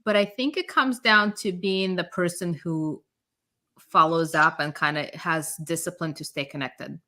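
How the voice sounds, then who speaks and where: Low, bright-toned woman host. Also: unhurried. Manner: easygoing, with fillers and you-knows. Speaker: podcast host. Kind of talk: casual conversation.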